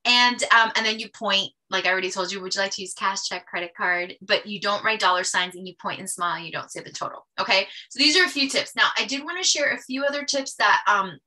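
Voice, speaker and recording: A woman teaching a sales class, energetic and acting out short customer dialogues as she explains. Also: medium pitch, fast talker, hardly any pauses. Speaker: sales trainer.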